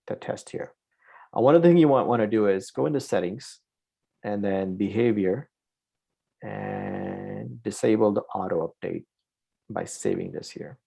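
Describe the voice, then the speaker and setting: A man's voice: lowish voice, vocal fry, a little mellow, slightly rough. A man teaching an online programming class, explaining step by step and checking in with "right?" after each point. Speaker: programming instructor. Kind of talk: live online coding lesson.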